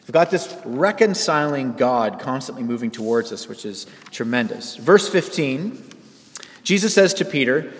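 A man pastor preaching a sermon in a church, lively and animated, putting on voices for the people he quotes. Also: fairly quick, long reverb tail. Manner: animated, acts out quoted voices with big pitch jumps. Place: church sanctuary.

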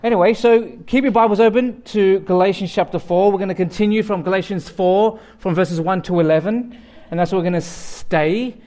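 A man's voice: sits high, fairly quick, a little mellow. A man with an Australian accent, a guest pastor giving a sermon in a joking, conversational way.

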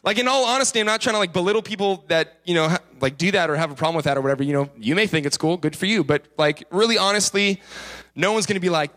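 A young male preacher talks to his congregation in an easygoing, conversational way. His voice sits a little high for a man, and he keeps breaking off into self-mocking asides. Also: fast, fairly bright tone. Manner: chatty, self-mocking, full of asides and laughs. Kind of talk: casual, joking sermon.

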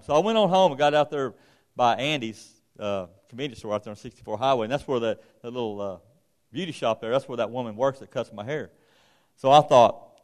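A man's voice: mid-range voice, a little fast, darkish tone. Folksy man preaching. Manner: folksy, rambling storytelling with many restarts. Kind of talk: informal sermon with personal story.

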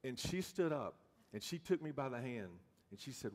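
A man's voice: mid-range voice, normal speed. Folksy man preaching in a church. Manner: animated, folksy, many restarts. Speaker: pastor. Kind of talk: storytelling sermon. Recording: long reverb of a church hall.

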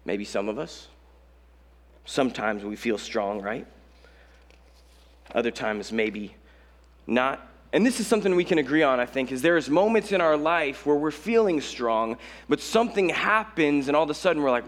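A young man from Colorado, a high school pastor, preaching a casual sermon full of self-mocking stories, voice rising sharply when he acts out his own panic. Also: expressive, moderate pace. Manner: conversational storytelling with self-mocking humor.

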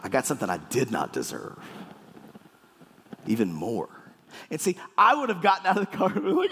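A man preaching a sermon with playful, animated storytelling in a church hall. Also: high-pitched, brisk, slightly rough. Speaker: pastor. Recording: echoey hall.

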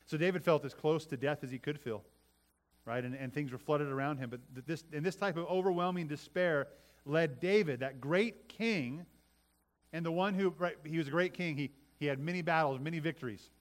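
Fairly high-voiced man preaching. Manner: repeats words, varies loudness for emphasis, talks to the congregation. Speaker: pastor. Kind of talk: sermon.

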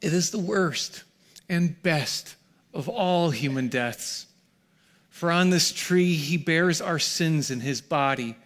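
A middle-aged male pastor preaching a sermon to a congregation in a church hall, swinging from hushed, near-whispered lines to shouted peaks. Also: a little high, slow pace.

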